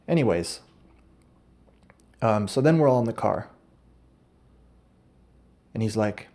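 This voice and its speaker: Low mellow-voiced male comic storyteller. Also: expressive, slow, long pauses. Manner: rambling, absurd, self-interrupting. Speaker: podcast host. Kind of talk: comedic storytelling monologue.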